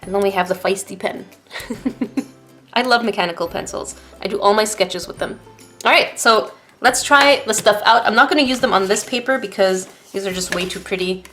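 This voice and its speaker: Excitable woman unboxing art supplies. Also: medium pitch, moderate pace, faint music behind. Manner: excitable, gasping and exclaiming at each item. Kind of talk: casual chat to viewers. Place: at her desk.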